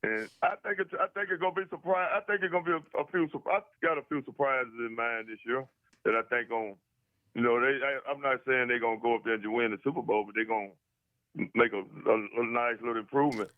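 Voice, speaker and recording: A man's voice: mid-range voice, steady tone, quick pace, no room sound, phone-quality sound. A man calling in to a sports talk show, speaking emphatically in a folksy way. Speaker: caller.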